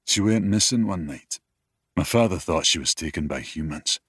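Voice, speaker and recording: An actor playing a charming, brooding young wolf-shifter king in an audiobook, speaking in an easygoing, teasing way that turns quiet and wistful. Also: low-pitched, expressive, moderate pace, breathy edge, no room sound, studio quality, heavily acted. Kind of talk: dual-narration audiobook acting. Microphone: close studio mic, dry.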